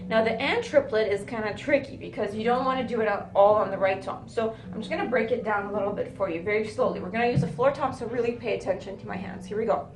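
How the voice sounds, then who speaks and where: A woman's voice: fairly high pitch, quick pace, few pauses, slight background noise. A woman teaching drum fills in a video lesson, explaining step by step and often checking in with "right?". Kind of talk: video lesson, counting rhythms aloud. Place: music school room with drums. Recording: echoey room with loud drumming.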